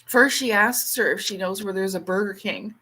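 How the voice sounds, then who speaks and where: Chatty woman host on a casual livestream, rambles, laughs easily, swears lightly, jumps into high squeaky voices when quoting people. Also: moderate pace, slightly rough. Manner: reads out and answers viewer comments; acts out quoted lines in sharp, much higher bursts.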